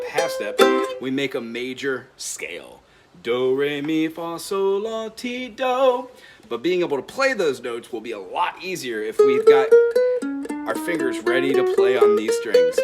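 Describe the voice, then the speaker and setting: Man, ukulele teacher, friendly counting, loud ukulele behind. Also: mid-range voice. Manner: friendly, counts beats aloud, admits talking fast. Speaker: music teacher. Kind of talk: instrument lesson.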